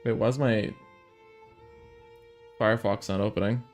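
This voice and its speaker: A man's voice: fairly low pitch, steady tone, moderate pace, faint music behind. Exasperated man ranting over gameplay. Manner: exasperated, swearing, talking to himself. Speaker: gamer streamer. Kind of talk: casual gameplay commentary.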